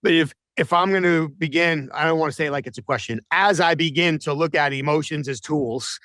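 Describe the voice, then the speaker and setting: A man's voice: on the high side, brisk, pushed and bright, no echo. A man hosting a podcast, asking thoughtful, somewhat hesitant questions that he reframes as he goes. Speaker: podcast host. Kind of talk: interview questions.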